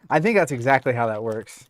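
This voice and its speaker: A man's voice: medium pitch, expressive, moderate pace, no echo. A man co-hosting a card game stream, laid-back and matter-of-fact as he explains his plays on a studio broadcast mic. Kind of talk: casual banter and game explanation. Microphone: studio broadcast microphone.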